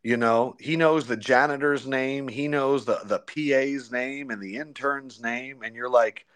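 Slangy, animated young man telling stories. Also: mid-range voice, clear, resonant tone. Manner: animated storyteller, slangy, does quick impressions. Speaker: sports broadcaster guest. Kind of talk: casual interview chat.

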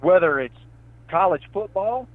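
Man, Appalachian accent, interview guest, folksy storyteller, somewhat high voice, tinny phone line. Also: measured pace, no echo. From southwest Virginia, Appalachia. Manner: animated storytelling, says man and brother. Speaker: guest, sports reporter. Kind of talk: casual interview.

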